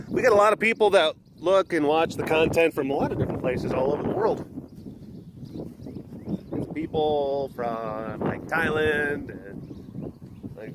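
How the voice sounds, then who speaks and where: A man's voice: a little high, noisy background. Rambling, jokey man outdoors. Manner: rambling, jokey, loose with fillers. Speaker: vlogger at a big cat sanctuary. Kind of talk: casual outdoor webcast chat. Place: outdoors by animal enclosures, windy. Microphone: handheld or camera microphone catching wind.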